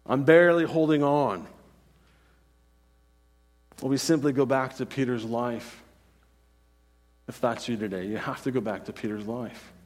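Male pastor, earnest sermon, repeats himself, mid-pitched voice, long church reverb. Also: measured pace, pauses often. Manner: earnest, repeats phrases, asks "right?".

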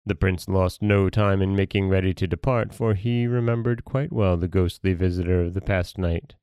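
A man hosting a podcast and reading a folktale in a calm, measured storytelling manner. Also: low voice, clean tone, no room sound.

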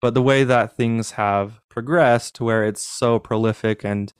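A man's voice: mid-range voice, steady tone, a little slow, clean tone, no room sound, studio quality. Candid young man telling his story. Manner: candid, self-deprecating, reflective. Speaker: podcast guest. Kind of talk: personal storytelling in interview.

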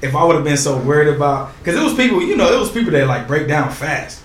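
A man's voice: fairly high pitch, sing-song, fast talker. A man co-hosting a podcast, talking in a slangy, profane, laid-back way. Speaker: podcast co-host. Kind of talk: casual chat. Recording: echoey room.

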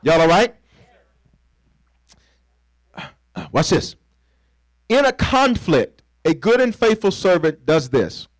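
This pastor's high voice swings widely in pitch as he speaks slowly, pausing often. He preaches conversationally and playfully, calling on the congregation to fill in his words and acting out little scenes. The audio is poor, with no echo.

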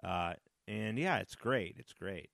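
A man in his thirties hosting his own podcast, chatting casually and jokily, swinging between loud bursts and low mumbles. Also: animated, slow pace, gravelly, dry recording, clean studio sound. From Chicago area. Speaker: podcast host. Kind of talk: casual solo podcast chat.

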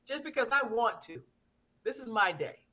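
A man's voice: very high-pitched, expressive, normal speed, pushed and bright. A man hosting a talk show who talks fervently about faith and repeats phrases for emphasis. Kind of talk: preachy talk show chat.

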